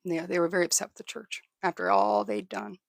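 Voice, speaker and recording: Very gravelly live storyteller. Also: medium pitch, sing-song, no echo, studio quality. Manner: halting, repeats and restarts words. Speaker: livestream host. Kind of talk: casual live storytelling, thanking viewers.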